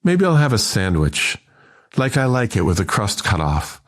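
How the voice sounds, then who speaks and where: A man voicing a calm, aloof male rock star's idle musing in an offhand way. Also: lowish voice, moderate pace. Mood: dreamy.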